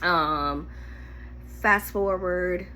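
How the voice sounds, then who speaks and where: A woman with a bright, forceful voice shares a painful personal story to camera. She talks candidly and animatedly, fighting back tears at moments. Her delivery is vivid and heartfelt. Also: on the low side, extremely slow, a little hiss or hum. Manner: emotional, candid, animated retelling. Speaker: storyteller vlogger.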